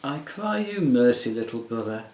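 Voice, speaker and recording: A man reading an audiobook, voicing a soft, soothing, half-mocking enchantress queen. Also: mid-range voice, sing-song, normal speed, roomy sound, lightly acted, low-quality recording. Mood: coaxing. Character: silky, coaxing enchantress queen, woman. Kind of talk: audiobook character voice.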